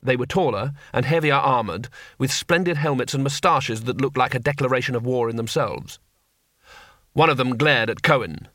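A man with a mid-range voice narrates an audiobook at normal speed, telling the scripted story expressively. The studio sound is clean, with no echo.

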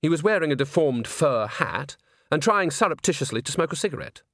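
A man narrating a comic fantasy audiobook in a measured, even storytelling manner. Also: on the high side, gravelly, dry recording, studio quality. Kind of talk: scripted narration.

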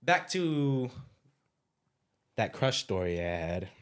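A man's voice: medium pitch, big pitch swings, slow pace. A young man telling stories in a casual chat with friends, slangy and laid-back, laughing often. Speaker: podcast co-host.

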